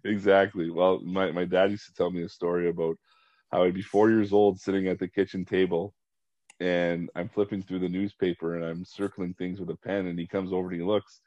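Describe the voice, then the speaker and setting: A very deep-voiced man hosts an interview, keeping an affable, chatty tone as he asks his questions. His audio is muffled and lo-fi, with a dry, close sound and no room echo. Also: little pitch movement, brisk, a little mellow. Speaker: podcast host. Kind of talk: conversational interview.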